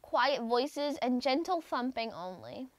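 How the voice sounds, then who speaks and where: Lady reading a calm gentle musk ox, slow and kind, storybook voice. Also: high-pitched, no room sound, heavily acted. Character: gentle kind male musk ox, soft-spoken host.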